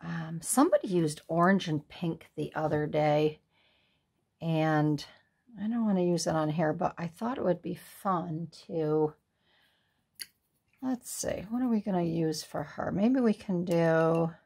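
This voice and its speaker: A woman's voice: deep voice, a little slow, creaky, darkish tone, husky. A woman hosting a card-making tutorial, thinking aloud in a casual, musing way as she works. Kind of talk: casual crafting tutorial talk.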